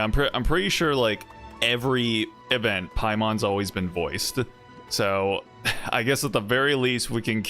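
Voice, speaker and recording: A man's voice: lowish voice, bright, forceful tone. A man streaming a video game with casual, rambling, jokey commentary, often breaking into laughs. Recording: faint music underneath.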